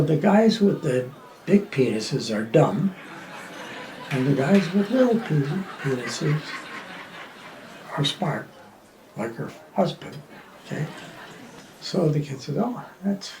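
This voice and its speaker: Roomy far-off male joke-teller. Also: fairly high pitch. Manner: animated storyteller, loud punchlines, drops to near-whispers for asides. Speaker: joke-telling comedian. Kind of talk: telling jokes to an audience. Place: outdoor street performance. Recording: roomy, from a distance with ambient noise.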